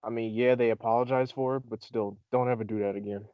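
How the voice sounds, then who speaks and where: A man's voice: mid-range voice, fairly even intonation, fast, clean tone. Man ranting in a slightly dull recording. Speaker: podcast co-host. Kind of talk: casual group chat.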